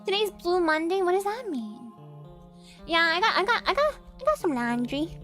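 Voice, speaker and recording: A woman's voice: very high voice, big pitch swings, normal speed, a bit bright, faint music behind. A young woman streamer, giggly and chatty, reading game dialogue and chatting casually. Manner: giggly and chatty, laughs often.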